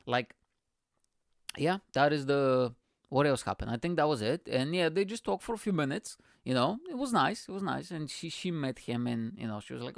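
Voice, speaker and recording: A man's voice: on the high side, lively intonation, normal speed, creaky, no room sound, studio quality. A man hosting his own podcast, telling a crude, self-mocking comic story. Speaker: podcast host.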